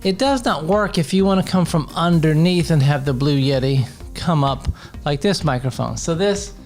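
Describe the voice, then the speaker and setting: A man's voice: fairly high pitch, expressive, normal speed, darkish tone, faint music behind. A man giving a casual product demo at his home desk, explaining while he handles the gear, with frequent ums and uhs. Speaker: gear reviewer and teacher.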